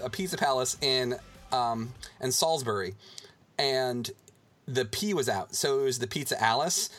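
A man co-hosting a casual chat show, animated and swearing freely, laughing often and mimicking regional accents. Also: mid-range voice. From Virginia. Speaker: podcast co-host.

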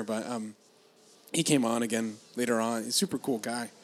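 A man's voice: mid-range voice, steady tone, a little fast, a bit bright. Man, from Los Angeles, casual podcast chat, rambling, swears, laughs a lot.

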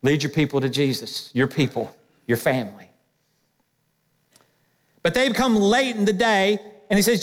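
A man preaching a sermon as pastor, lively, breaking into quoted asides to the congregation. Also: high voice, moderate pace, long pauses. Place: church sanctuary. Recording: long hall reverb.

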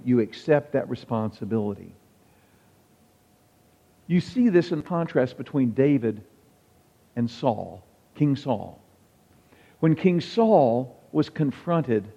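A man's voice: medium pitch, expressive, takes it slowly, pauses often. Male pastor, conversational sermon with wry asides; muffled, reverberant hall sound. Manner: conversational, wry preaching with quoted examples.

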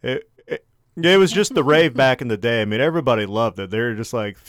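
A man's voice: mid-range voice, fast, no room sound, studio quality. A young man co-hosting a podcast, telling a story in casual, profanity-heavy chat. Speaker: podcast co-host.

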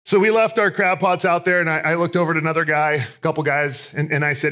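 A man's voice: a little high, quick pace, fairly bright tone. Candid storytelling pastor, a man. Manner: candid, storytelling, self-deprecating. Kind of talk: sermon with personal stories.

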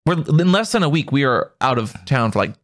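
Playful, lively podcast host man. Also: mid-range voice, fairly quick. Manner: playful, teasing, laughs often. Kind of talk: casual podcast banter.

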